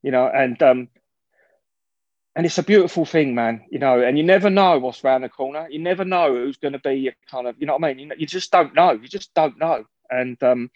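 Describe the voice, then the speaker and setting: A man's voice: medium pitch, brisk, a little mellow, no echo, highs cut off. A man giving a frank, rambling personal share at a recovery meeting, swearing and restarting his sentences often.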